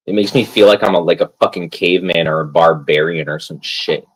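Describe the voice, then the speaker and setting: Low-voiced and a little breathy, a man rants casually at normal speed while gaming on a live stream, over poor audio. His talk wanders, is full of profanity, and is stuffed with "like".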